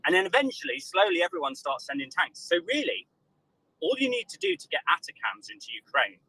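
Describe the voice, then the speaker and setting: A man's voice: a little high, sharp tone, breathy edge, no room sound, low-quality recording. A British man in casual panel chat, sarcastic and joking, acting out other voices as he talks. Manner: sarcastic, acts out voices of nations.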